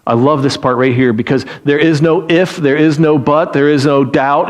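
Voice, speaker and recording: Animated high-voiced male pastor preaching. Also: moderate pace, hardly any pauses. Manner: animated storytelling, acting out pleading voices; repeats words and restarts phrases. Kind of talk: sermon.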